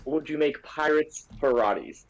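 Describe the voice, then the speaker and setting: A man's voice: a little high, normal speed, dull audio. Ranting, exasperated man. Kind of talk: casual stream chat.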